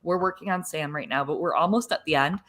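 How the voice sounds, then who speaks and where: A woman's voice: low voice, fast talker, a bit bright. Upbeat woman promoting her podcast. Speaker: podcast co-host. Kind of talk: casual live-stream chat.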